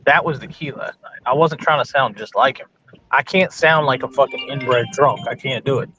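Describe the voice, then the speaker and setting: A man hosting a casual live stream chat, animated and swearing freely. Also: medium pitch, moderate pace, music in the background. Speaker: live stream host, delivery driver. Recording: lo-fi with some noise.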